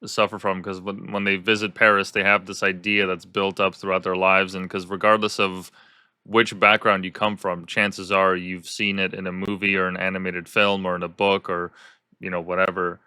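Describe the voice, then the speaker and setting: A man hosting a casual interview podcast, telling animated stories and acting out the people he quotes. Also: low voice, moderate pace, clean tone, dry recording, clean studio sound. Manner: animated storyteller who acts out quoted people. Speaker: podcast host.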